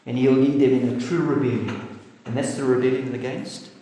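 Earnest preacher in an echoey hall. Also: male voice, mid-range voice, fairly even intonation, mellow. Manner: earnest, emphatic, slows for stress. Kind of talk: sermon. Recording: echoey hall with faint noise.

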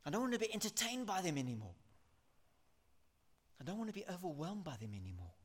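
A man preaching a sermon in a somewhat high voice. He speaks earnestly and with emphasis, stacking repeated phrases as his points build. He slows down to read scripture aloud. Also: sing-song, breathy edge. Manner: reads scripture aloud slowly.

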